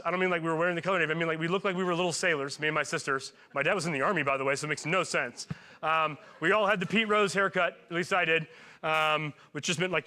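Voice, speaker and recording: A man in his forties preaches in a church with a bright, forward tone. He speaks casually and jokes along the way, and he keeps turning to the congregation with questions. His voice sits a little high for a man. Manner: conversational and joking, asks the congregation questions. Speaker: pastor. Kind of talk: sermon.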